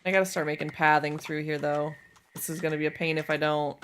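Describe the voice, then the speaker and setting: A young woman chatting casually while livestreaming a game, self-deprecating and quick to laugh. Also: low-pitched, little pitch movement, a bit bright, slight background noise. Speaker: streamer. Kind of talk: casual gaming livestream chat.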